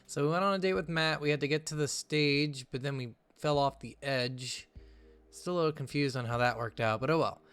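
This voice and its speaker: A man's voice: a little high, a little fast, fairly bright tone, smooth, no echo. A young man hosting a let's play, chatting casually, joking and swearing, and reading the game's dialogue aloud. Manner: casual, joking, swears, reads lines in a put-on dad voice. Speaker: gaming channel host. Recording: faint game music behind.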